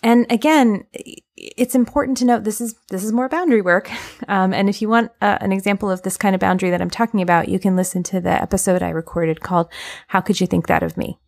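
A woman hosting a podcast, talking through relationship advice in a gentle, earnest way with plenty of ums and uhs. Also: mid-range voice, steady tone, fast, vocal fry. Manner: gentle, earnest, filler-heavy explanation. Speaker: podcast host. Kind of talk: casual advice podcast monologue.

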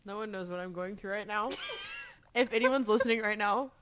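A woman's voice: mid-range voice, fairly quick, background noise. A woman guesting on a podcast, chatting casually and laughing often as she jokes. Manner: giggly and playful, laughs often.

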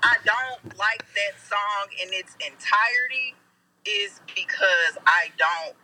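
A man co-hosting a podcast in casual chat, relaxed and trailing off with fillers. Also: high-pitched, takes it slowly, poor audio. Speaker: podcast co-host.

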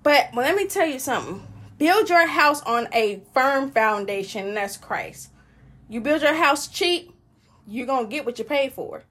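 A woman with a high, slightly breathy voice talks casually about her faith. She is joyful and preachy, laughs often and rambles from one thought to the next. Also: expressive, normal speed, fairly bright tone. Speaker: Christian woman sharing testimony.

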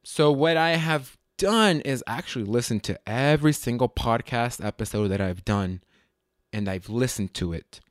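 A man hosting his own podcast in a loose, rambling way, correcting himself often and filling pauses with ums. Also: medium pitch, no echo, studio quality. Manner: rambling, self-correcting, lots of fillers. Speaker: podcast host. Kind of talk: casual solo podcast chat.

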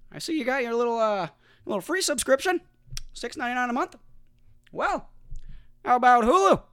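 A man putting on a pushy male salesman voice, high and wheedling like an auctioneer. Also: lively intonation, a little fast, fairly bright tone. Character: pushy fast-talking male salesman pitching bundles.

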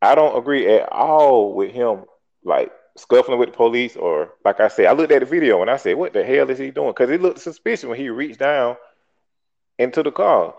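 A man's voice: mid-range voice, animated, normal speed, a little mellow. A talk show host, arguing emphatically and bluntly, swearing and repeating himself to make his point. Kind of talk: heated call-in debate. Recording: dull lo-fi podcast audio.

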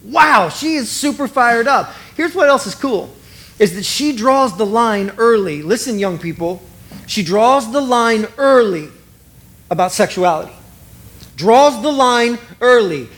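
A middle-aged man preaching in an animated, conversational way, acting out both sides of the dialogue he retells. His voice sits high for a man. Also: a little slow. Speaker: pastor. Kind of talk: sermon.

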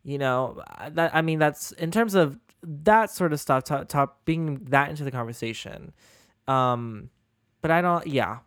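A person chatting casually about a TV show, easygoing and halting. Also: medium pitch, fairly bright tone, no echo, studio quality. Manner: halting, with fillers and restarts, easygoing. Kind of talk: casual chat reviewing a TV show.

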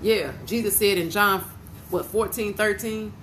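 A woman's voice: medium pitch, unhurried, fairly bright tone, slight background noise, rough recording. A woman preaching an informal podcast sermon, fervent and emotional, repeating her praise.

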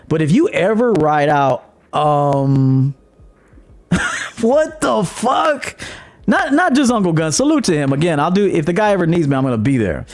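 A man hosting his own podcast as a dating coach, talking bluntly and profanely, mocking others and laughing at his own jabs. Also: a little mellow. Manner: mimics commenters in a high mocking voice. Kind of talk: blunt monologue.

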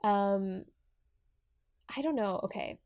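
A woman's voice: mid-range voice, slow pace, darkish tone. Chatty young woman, lots of fillers. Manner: chatty, many fillers and restarts. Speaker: podcast co-host. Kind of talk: casual chat about a book and its series.

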